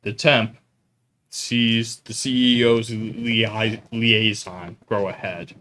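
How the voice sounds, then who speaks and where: A man runs a tabletop game as game master, narrating in a lowish voice with playful, quick asides. Faint noise sits under the recording. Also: little pitch movement, pushed and bright.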